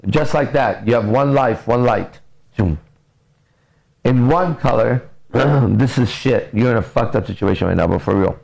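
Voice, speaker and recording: A man's voice: medium pitch, measured pace, gravelly, poor audio. A man coaching on relationships in a blunt, profane, casual podcast talk. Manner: blunt, profane, lively storytelling.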